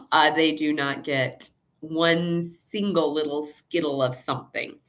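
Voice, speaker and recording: A woman's voice: sits low, steady tone, slow pace, fairly bright tone. A woman veterinarian hosting a casual live Q&A, chatty and rambling, with asides and acted-out quotes. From Chicago area, USA.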